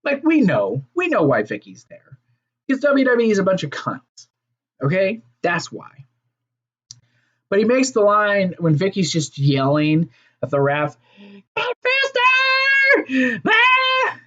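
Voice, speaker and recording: A man's voice: high voice, sing-song, a little slow. Man, casual wrestling review, swears a lot, rambling fillers, somewhat muffled sound. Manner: profane, rambling, fillers and restarts.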